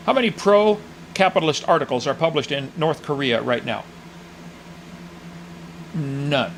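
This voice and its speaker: A man's voice: on the high side, a bit bright, a little hiss or hum, low-quality recording. A middle-aged man preaching a sermon with Bible readings, folksy with mocking asides.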